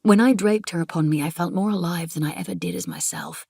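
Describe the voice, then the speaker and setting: A woman reading a novel aloud in measured, intimate first-person narration on a close studio mic. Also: on the low side, expressive, dark tone, slightly rough, dry recording. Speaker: audiobook narrator.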